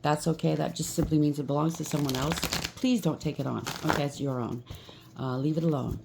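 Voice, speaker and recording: A woman's voice: deep voice, fairly even intonation, a little fast, gravelly, noisy background. A woman at home doing a collective tarot reading, reassuring her viewers with frequent fillers and a repeated "okay?". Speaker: tarot reader. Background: washing machine running.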